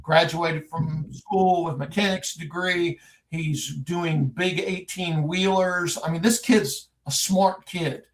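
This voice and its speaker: A middle-aged man from Texas, a private investigator, telling a case story in a folksy, animated way as a podcast guest. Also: fairly high pitch, slow pace.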